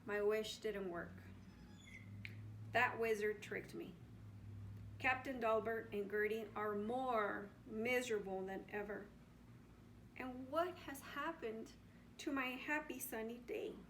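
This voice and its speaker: A woman voicing a timid young male bullfrog in a storybook, in a high, anxious voice. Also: takes it slowly, pauses often, fairly bright tone, recorded from a distance, a little hiss or hum. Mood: wistful.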